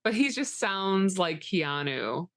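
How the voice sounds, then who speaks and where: A woman's voice: medium pitch, sing-song, takes it slowly, no echo, clean studio sound. A woman co-hosting a podcast, giving short, laid-back replies in casual chat. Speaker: podcast co-host.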